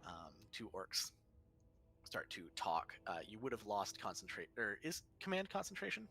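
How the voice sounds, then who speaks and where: A man with a lower voice and a bright, forceful tone runs a tabletop game, narrating loosely and swinging his pitch around. He asks players for rolls and answers rules questions casually, with soft music playing behind him. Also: moderate pace, gravelly. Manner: relaxed, loose, swears casually. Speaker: game master.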